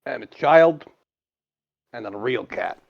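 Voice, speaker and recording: Blunt, exasperated man in tabletop role-play; lively pitch, muffled lo-fi sound. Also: slow, vocal fry. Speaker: player. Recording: dull lo-fi stream audio.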